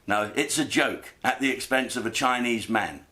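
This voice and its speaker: A man doing a crude, swearing comedy monologue, telling stories with lively delivery. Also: mid-range voice, moderate pace.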